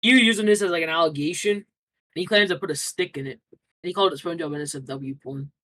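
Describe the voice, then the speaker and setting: A man's voice: a little high, fast, a bit bright, low-quality recording. A young man answering interview questions casually, rambling through a story with lots of fillers and restarts.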